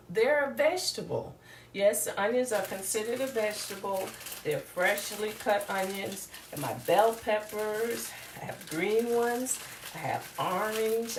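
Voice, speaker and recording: A woman's voice: on the low side, slight background noise. A woman giving a casual, chatty cooking demonstration and talking straight to viewers in a rambling way. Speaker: home cook. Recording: echoey room, voice from a distance.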